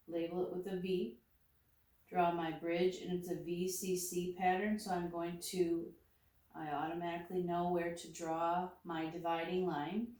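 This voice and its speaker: A woman teacher explains a phonics exercise one step at a time, slow and methodical. Her voice sits a little low. She sounds set back from the mic in a very echoey room. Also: darkish tone, distant mic. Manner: slow, methodical, talking through each step aloud.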